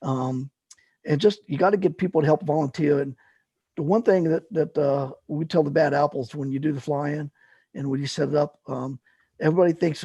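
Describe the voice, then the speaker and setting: Middle-aged man, casual storyteller, gravelly and husky, loose rambling delivery. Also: a little high, fairly even intonation, brisk, mellow, no echo. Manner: rambling, lots of fillers and restarts. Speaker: guest, paramotor fly-in organizer.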